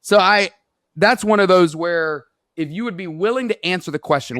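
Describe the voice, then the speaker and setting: A man's voice: high voice, moderate pace, fairly bright tone, no echo. Earnest male author telling stories, dry sound. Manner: earnest storyteller, acts out quoted dialogue. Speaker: author and podcast guest. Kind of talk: conversational interview.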